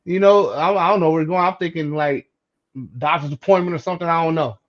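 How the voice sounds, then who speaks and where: A man co-hosting a podcast, telling a childhood story in casual chat, animated and acting out the voices in it. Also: a little high, fast talker, muffled recording. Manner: animated, acts out quoted voices, repeats words. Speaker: podcast co-host.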